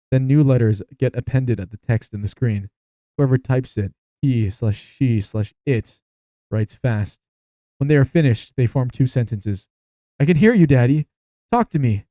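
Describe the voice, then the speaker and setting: A man's voice: mid-range voice, warm tone, no room sound. A man playing an interactive horror story game, reading the text aloud and breaking off for amused asides. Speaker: gaming YouTuber.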